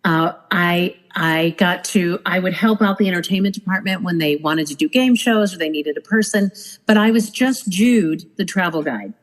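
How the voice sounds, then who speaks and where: On a rough-sounding recording, a woman with a lowish voice chats at a normal pace about her days as a cruise director. She tells the stories with animation, voicing the characters she quotes in this casual podcast.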